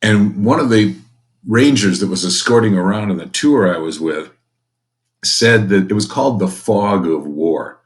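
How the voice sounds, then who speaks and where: A man's voice: fairly low pitch, measured pace. A man teaching a recorded history lecture to students, folksy and conversational, with jokey asides.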